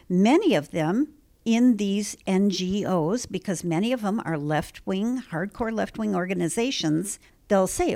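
Emphatic woman explaining voting concerns. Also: darkish tone. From Illinois, United States. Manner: emphatic, explanatory, with sudden pitch jumps on key words. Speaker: election integrity activist guest. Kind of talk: political interview answers.

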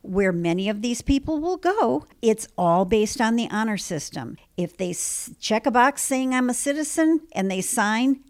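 A woman from Illinois, a guest in a political interview, explaining her points emphatically and punching key words with sudden jumps in pitch. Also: expressive, normal speed, hardly any pauses. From Illinois, United States. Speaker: election integrity activist guest.

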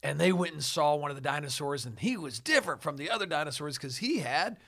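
A man talking as a guest in a casual studio chat, animated and emphatic, often laughing. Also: fairly high pitch, fast talker, vocal fry, slightly rough.

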